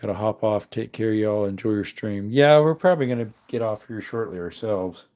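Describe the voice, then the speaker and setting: Guy rambling on his stream while fiddling with old gun parts, kinda low voice. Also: moderate pace, warm tone. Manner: reads chat comments aloud while tinkering. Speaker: livestream host. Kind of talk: casual livestream chat.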